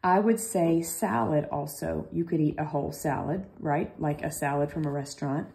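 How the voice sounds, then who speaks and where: A woman's voice: low-pitched, normal speed, creaky, mellow, slight background noise. A woman teaching a recorded French lesson, chatty and reassuring, thinking aloud as she explains.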